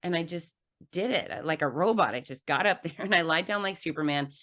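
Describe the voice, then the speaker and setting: A woman guest on a podcast telling a personal story with animated, laughing delivery that acts out the scenes. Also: deep voice, fairly quick. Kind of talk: conversational storytelling.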